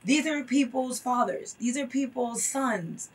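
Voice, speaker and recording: A woman's voice: high-pitched, measured pace, slightly rough. A woman guest on a talk show, telling her story earnestly and with emphasis. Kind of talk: interview conversation. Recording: voice from a distance off the mic.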